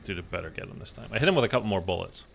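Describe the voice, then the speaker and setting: Gravelly-voiced male gaming streamer. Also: low-pitched, lively intonation, racing, slight background noise. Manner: rambling, filler-heavy, chatty. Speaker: gaming YouTuber. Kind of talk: casual gameplay commentary.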